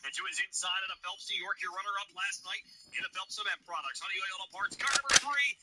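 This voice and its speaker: High-pitched hyped man announcing drivers. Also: quick pace. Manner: booming driver introductions, hyped and drawn out. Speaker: race announcer. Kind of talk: play-by-play race announcing. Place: dirt racetrack. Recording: loud engine noise behind.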